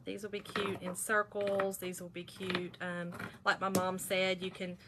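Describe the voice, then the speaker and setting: A woman's voice: mid-range voice, completely flat delivery, measured pace, noisy background. A middle-aged woman hosting a casual crafting livestream, chatting in a folksy way and reading out viewer comments.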